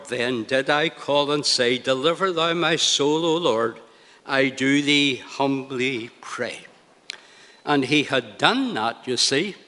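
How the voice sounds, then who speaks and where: A man preaching a sermon in a slow, deliberate, emphatic way. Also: medium pitch, pushed and bright, big-room sound.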